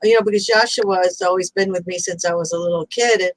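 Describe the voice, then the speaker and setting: A woman's voice: on the low side, steady tone, quick pace, no room sound, low-quality recording. A woman hosting a chat over a video call, speaking in an effusive, enthusiastic way. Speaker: host. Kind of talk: casual chat.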